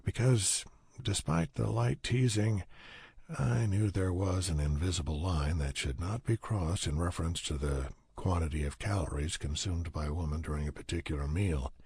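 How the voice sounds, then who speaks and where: A man's voice: deep voice, moderate pace, creaky, darkish tone, slightly rough, dry recording. A man narrating a first-person audiobook in a dry, wry storytelling manner.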